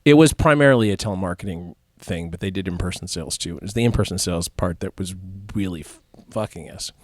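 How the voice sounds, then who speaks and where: A man with a fairly low voice hosts a podcast, spinning rambling anecdotes in a loose, casual way. His sentences tend to fade off at the ends. The sound is dry and close, with no room around it. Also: fast, dry recording. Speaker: podcast host.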